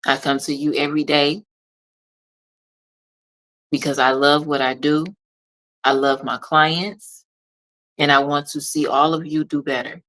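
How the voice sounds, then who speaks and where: A woman's voice: deep voice, flat delivery, unhurried, long pauses, fairly bright tone, rough recording. A woman speaking as a motivational consultant, talking straight to the listener in an emphatic, preachy way that repeats phrases for stress. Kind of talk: motivational monologue.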